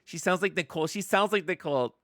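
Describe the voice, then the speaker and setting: A woman streaming a video game, chatting excitedly with her viewers and laughing often. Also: lowish voice, quick pace, dry recording, clean studio sound. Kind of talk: casual live-stream commentary.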